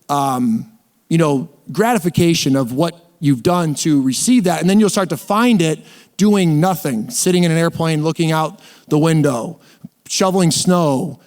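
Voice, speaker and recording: A man's voice: on the high side, normal speed, darkish tone. A man giving a casual faith testimony as a guest, rambling and restarting often, and speeding up in bursts. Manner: rambling storyteller with many restarts.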